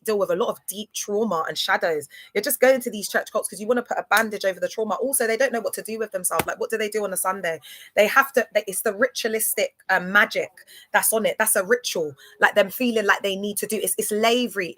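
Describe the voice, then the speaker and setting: A woman hosting a casual live stream, talking fast and slangy and often checking whether listeners follow her. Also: medium pitch. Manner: animated, slangy, asks "do you get what I'm saying". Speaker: livestream host.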